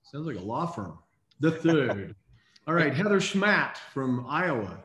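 A man hosting a casual online call, reading out names in an upbeat, brisk way. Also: medium pitch, big pitch swings, fairly bright tone, reverberant. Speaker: host.

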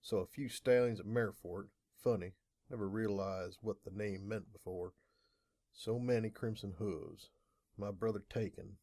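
A man voicing a calm, manipulative stallion captor who talks in an even, persuasive way in an audiobook. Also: fairly low pitch, unhurried. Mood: calm persuasion. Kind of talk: audiobook narration.

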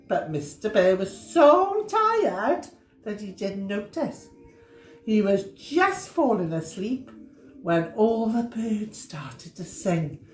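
A woman teacher reading a picture book aloud to children, expressive and playful with sound effects. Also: mid-range voice. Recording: roomy echo.

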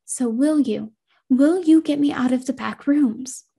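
A woman voicing a trapped, needy ghostly young girl who speaks in a hushed, pleading, clinging way. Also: high-pitched, a little slow, creaky, slightly rough, full character voice.

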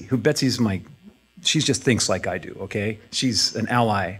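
A middle-aged man pastor speaking in a church, conversational and self-deprecating, with halting restarts. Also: lowish voice, husky. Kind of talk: casual sermon talk.

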